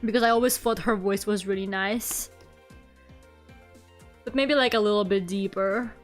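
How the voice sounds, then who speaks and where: A woman's voice: medium pitch, steady tone, moderate pace, faint music behind. A woman streamer chatting casually while she draws, rambling with lots of "like" and frequent giggles. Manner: rambling, heavy use of "like", giggly. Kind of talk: casual chat while drawing.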